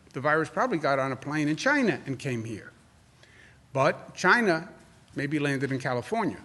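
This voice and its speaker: A forceful man in his sixties with a New York accent takes reporters' questions at a briefing. His voice sits a little high for a man, and he keeps hammering the same points with rising emphasis. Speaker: governor at press briefing. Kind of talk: press conference answers.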